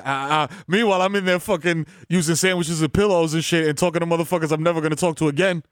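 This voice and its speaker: A man's voice: fairly high pitch, racing, hardly any pauses, smooth, dry recording, studio quality. A man, co-hosting a podcast in casual chat and joking in crude street slang.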